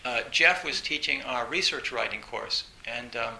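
A man giving a storytelling dharma talk as a meditation teacher, animated, with frequent laughter and many fillers. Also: mid-range voice, moderate pace, gravelly. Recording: roomy echo with faint hiss.

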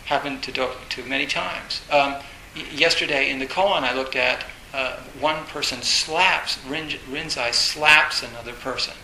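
A man gives a dharma talk in an echoey room with a faint hiss behind him. His voice is bright and a little gravelly, set somewhat high. He rambles and repeats himself, filling gaps with "uh" and "you know". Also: measured pace, hardly any pauses. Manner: rambling, repeats phrases, many fillers; acts out inner voices, bursts loud. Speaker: Zen teacher.

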